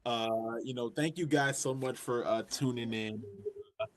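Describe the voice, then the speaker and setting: A man's voice: medium pitch, normal speed, a little hiss or hum. A man hosting a livestream, chatting casually and loosely, with many fillers as he thanks viewers. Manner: relaxed, full of fillers and restarts. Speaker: streamer host.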